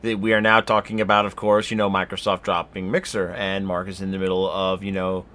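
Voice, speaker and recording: Host guy, laid back, laughs easy, bright tense voice. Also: deep voice. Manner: relaxed, quick to laugh, host asides. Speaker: show host. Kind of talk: casual chat.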